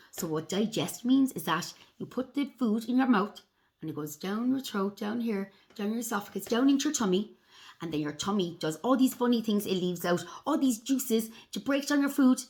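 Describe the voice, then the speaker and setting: A woman leading a circle time lesson for young children, talking in an animated, sing-song way. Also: mid-range voice. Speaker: preschool teacher.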